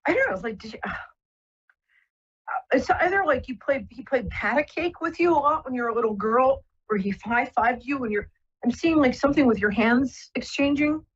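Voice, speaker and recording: Female psychic host, gentle and reassuring, husky voice, dull broadcast audio. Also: sits high, lively intonation, a little fast. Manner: gentle, reassuring, rambling with many fillers. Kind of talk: live call-in psychic reading.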